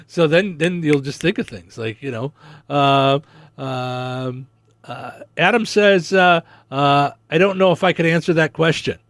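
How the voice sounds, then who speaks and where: A man's voice: a little high, unhurried, fairly bright tone, no echo. Joking Chicago man co-hosting a show. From Chicago area. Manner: playful, joking, lots of fillers. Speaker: co-host. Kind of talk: casual co-host banter.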